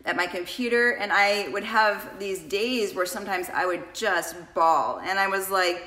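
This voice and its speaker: A woman's voice: mid-range voice, measured pace, few pauses, sharp tone, echoey room. A woman coach talking casually and emotionally to her viewers in a confessional vlog, addressing them directly. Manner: chatty, emotional, addresses viewers as "you guys". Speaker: coach and vlogger.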